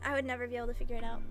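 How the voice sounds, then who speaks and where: A young woman streamer chatting casually with her viewers, giggly and gushing, rambling with lots of "like.". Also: high voice. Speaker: VTuber streamer.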